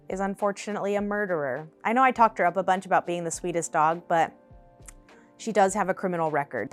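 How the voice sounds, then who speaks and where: Her voice is mid-range as this woman in her twenties tells a casual, animated storytime in her apartment for her vlog. Laughter comes often throughout.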